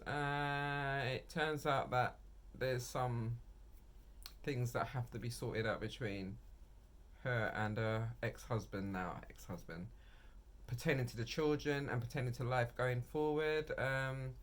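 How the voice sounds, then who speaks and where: A man giving casual, rambling reaction commentary on reality TV from home, quick to laugh. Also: mid-range voice, a bit bright.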